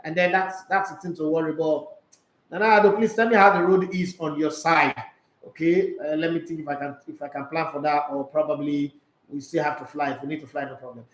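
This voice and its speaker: Chatty Nigerian sports host. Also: male voice, on the high side, fairly even intonation, fairly quick, echoey room, poor audio. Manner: chatty, mixes in Nigerian Pidgin, reads viewer comments aloud. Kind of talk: casual live-stream chat reading comments.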